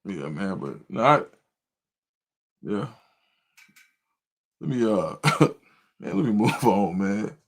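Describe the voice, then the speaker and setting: A middle-aged man, telling a story in casual livestream chat as a volunteer coach and host, getting loud and high when he quotes himself. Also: big pitch swings, slow, long pauses. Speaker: volunteer youth football coach and show host.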